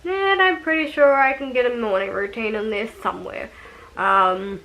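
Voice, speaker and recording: A young woman in casual vlog chat, easygoing and rambling, with plenty of fillers and small laughs. Her voice sits a touch higher than most women's. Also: normal speed, a bit bright, rough recording. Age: young adult. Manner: chatty, rambling, with frequent ums and laughs. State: out of breath. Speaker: vlogger.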